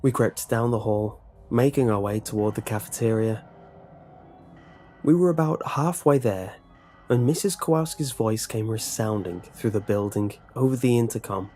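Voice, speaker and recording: A man narrating a horror story in a steady, measured way. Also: fairly low pitch, soft background music.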